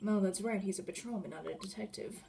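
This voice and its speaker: A woman's voice: mid-range voice, fast talker, vocal fry, dark tone, slight background noise, voice pushed down. A woman voicing an earnest young male defense lawyer who mutters flustered asides.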